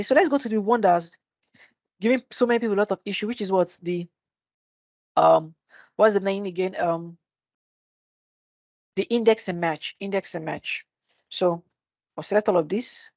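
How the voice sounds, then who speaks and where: A woman's voice: medium pitch, darkish tone, no room sound. Woman teaching a spreadsheet lesson. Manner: asks rhetorical "what?" questions and answers them. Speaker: Excel instructor. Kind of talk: live screen-share tutorial. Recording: dull dry webinar audio.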